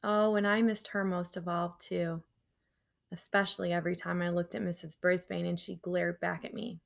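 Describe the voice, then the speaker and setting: A woman teacher reading a children's novel aloud to her class in a lively storytelling manner, breaking off for casual asides to her students. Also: lowish voice, normal speed, vocal fry.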